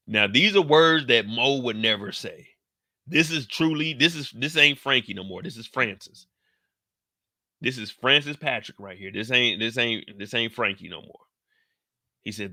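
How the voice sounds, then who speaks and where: A man's voice: mid-range voice, moderate pace, pushed and bright, no echo. A man giving a casual, joking and profane recap of a TV episode as host.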